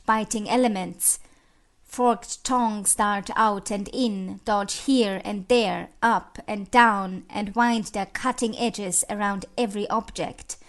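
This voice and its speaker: A woman narrating an audiobook, reading literary passages in a slow, expressive recitation with dramatic rises. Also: mid-range voice.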